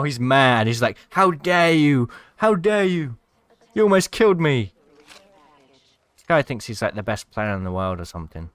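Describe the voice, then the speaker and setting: A man's voice: medium pitch, fairly bright tone, no echo. A man giving casual commentary over gameplay, cheering at the screen and mocking the players he watches. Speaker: gaming commentator.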